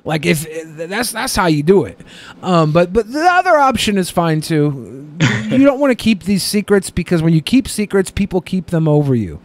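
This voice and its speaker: High-pitched and very animated, a podcast co-host talks at normal speed as he works through listener questions. His advice is loose, profane, and joking, he laughs a lot, and the whole exchange is crude banter.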